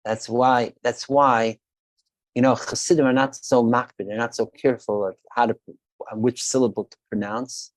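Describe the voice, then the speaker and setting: A man teaching an online Torah class who weaves Hebrew terms into his talk, halting often and repeating his words as he searches for a phrase. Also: medium pitch, little pitch movement, no room sound.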